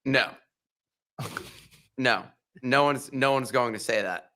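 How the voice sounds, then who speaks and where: A man co-hosting a casual crypto chat on a live audio space, joking and self-mocking with animated outbursts. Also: medium pitch, slow pace. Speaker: co-host.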